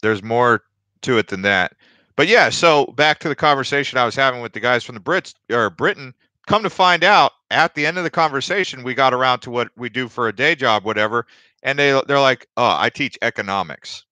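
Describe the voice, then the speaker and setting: A brisk, sharp-toned, mid-range voice comes from a young man hosting a casual crypto livestream. He rambles chattily through stories and viewers' comments, full of fillers and restarts, and the recording is dry.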